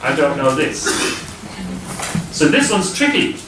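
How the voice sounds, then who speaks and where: A man's voice: on the high side, sing-song, slow. A man lecturing a class, explaining step by step and checking that students follow. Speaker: university lecturer. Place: lecture hall. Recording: distant voice in a noisy, echoey lecture hall.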